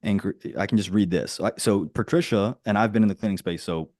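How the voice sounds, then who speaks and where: A man coaching on a group call, talking in a direct, dry-humored, flat way and often trailing off with "right?". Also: fairly low pitch, a little fast, dry recording. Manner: rambling, with many restarts and "right?" tags. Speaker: business coach. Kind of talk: casual teaching on a group call.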